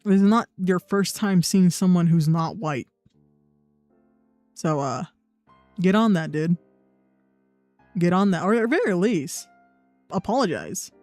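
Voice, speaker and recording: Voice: medium pitch, animated, slow pace, pauses often, darkish tone, no echo. Blunt, profane young streamer. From United States. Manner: sarcastic, mocking mimicry of others. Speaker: livestreamer. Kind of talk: casual chat. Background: faint background music.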